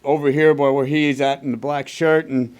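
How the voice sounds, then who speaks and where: A man from Texas telling his recovery story to a meeting in a blunt, profane, fast-moving way. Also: mid-range voice, little pitch movement, a little mellow, clean tone. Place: recovery group meeting room.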